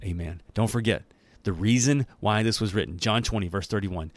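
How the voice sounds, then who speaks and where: A Bible teacher with a lowish voice leads a daily Bible-reading devotional at a brisk clip. He's enthusiastic and conversational, dropping casual asides and laughing, with no room sound.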